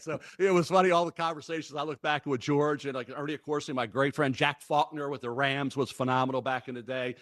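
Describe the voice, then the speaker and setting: A man in his sixties with a Baltimore accent, a guest draft analyst in a casual interview, talking effusively and fast, tumbling through long lists of names. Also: on the high side, steady tone, a bit bright.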